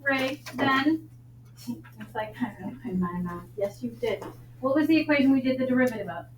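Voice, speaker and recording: Brisk, joking math teacher, woman, Long Island accent; roomy classroom sound with faint noise. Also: high voice, expressive. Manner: brisk, joking, quizzes students.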